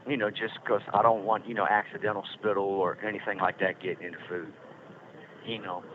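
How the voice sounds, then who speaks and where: A middle-aged man, telling stories in a rambling, folksy way as a podcast host. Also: on the low side. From Virginia Blue Ridge foothills. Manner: rambling, folksy, lots of fillers. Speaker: podcast host calling from prison. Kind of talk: casual storytelling. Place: prison. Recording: tinny phone line with faint hiss.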